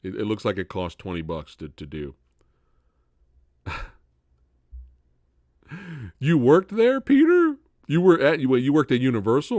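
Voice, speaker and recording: A man hosting a live Q&A stream, chatting casually, swearing freely and laughing loudly. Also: mid-range voice, no echo, studio quality.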